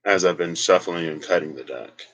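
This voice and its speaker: A man's voice: deep voice, moderate pace, fairly bright tone, highs cut off. A man giving a casual solo tarot reading and rambling as he thinks aloud. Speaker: tarot reader.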